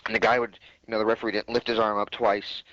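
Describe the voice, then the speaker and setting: A man's voice: fairly low pitch, little pitch movement, quick pace, a bit bright, no echo. A man co-hosting a wrestling podcast, rambling through opinionated stories in casual chat. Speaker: podcast co-host. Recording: dull lo-fi podcast audio.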